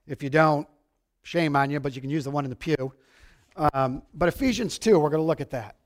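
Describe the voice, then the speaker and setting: A man preaching a sermon in a church, excitable, swinging from shouting to quiet asides. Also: on the high side, brisk. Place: church sanctuary.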